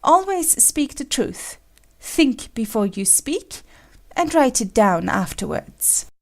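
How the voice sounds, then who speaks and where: A woman playing the sharp, bossy Red Queen. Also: high voice, very animated, takes it slowly, heavily acted. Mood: scolding. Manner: sharp, scolding, lecturing. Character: stern imperious adult Red Queen. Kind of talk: full-cast audiobook acting.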